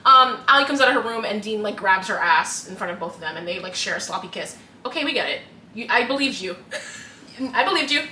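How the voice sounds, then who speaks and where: A young woman co-hosts a casual book-club podcast, retelling scenes with lots of laughter and doing the characters' voices. Her mid-range voice is sharp in tone, with lively intonation and a fairly quick pace. She is recorded in an echoey room from a distance, with faint noise.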